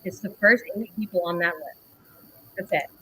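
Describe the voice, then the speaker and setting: A woman with a husky, low-leaning voice hosts a casual livestream, reading out a message exchange at a moderate pace. She laughs often and retells it with plenty of animation.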